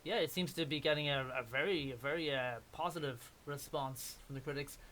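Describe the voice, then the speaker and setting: A man's voice: a little high, brisk, a bit bright, a little hiss or hum. A man hosting a radio arts show, interviewing a guest and backing her up with frequent encouraging agreement. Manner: agreeable, encouraging, lots of short affirmations.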